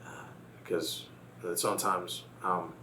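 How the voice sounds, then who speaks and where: A man's voice: sits low, fairly even intonation, slow pace, background noise. A man from Texas, a guest in a casual conversation, talking reflectively and telling a personal story.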